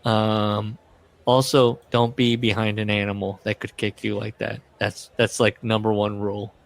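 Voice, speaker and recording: A man's voice: on the low side, little pitch movement, moderate pace, creaky. Rambling man hosting a book-club podcast. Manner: reads book passages aloud with joking asides; rambling, self-interrupting. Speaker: podcast co-host. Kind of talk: casual book-club chat.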